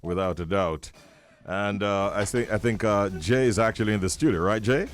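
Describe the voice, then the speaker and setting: A man's voice: lowish voice, moderate pace, faint music behind. A man with a Jamaican accent hosting a morning radio show, chatting casually in an upbeat way. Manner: upbeat, chatty, laughs often.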